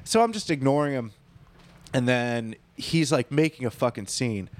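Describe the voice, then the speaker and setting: A man's voice: medium pitch, moderate pace. A man telling a story from his bar job in casual chat, swearing and acting out the people he quotes. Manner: animated, swearing, acts out quoted voices.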